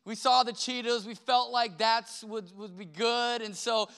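An earnest young boy , as a man puts him on in a sermon story, explaining himself matter-of-factly. The voice is bright and clear, with a long reverb ringing around it. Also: extremely high pitch, steady tone, unhurried, voice pushed up, heavily acted. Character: young boy explaining his snack breakfast.

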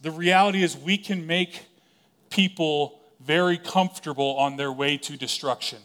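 A male pastor with a slightly high, fairly bright voice preaches a sermon conversationally, dropping casual asides and quick acted-out quotes.

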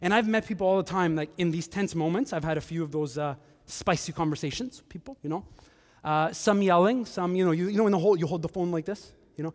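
Animated high-voiced male pastor. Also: fast talker, few pauses, big-room sound. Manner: animated, acts out quoted voices, joking asides. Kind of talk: sermon.

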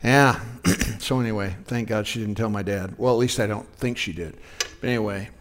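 A man's voice: on the low side, a little fast, slight background noise. A man in his sixties preaching a conversational sermon, folksy, telling personal stories and asking the congregation questions. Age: 60s. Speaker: pastor.

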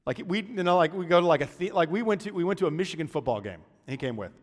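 A man's voice: sits high, expressive, very fast, long reverb tail. A man preaching a sermon in a conversational way, with joking asides between points. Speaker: pastor.

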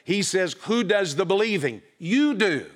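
High-voiced preacher, emphatic and questioning. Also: male voice, big pitch swings, unhurried. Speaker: pastor. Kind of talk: sermon. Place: church.

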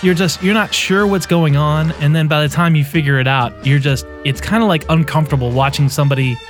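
A man co-hosting a casual podcast, talking about a movie in a halting way with many restarts and laughs. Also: a little high, soft background music. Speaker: podcast co-host.

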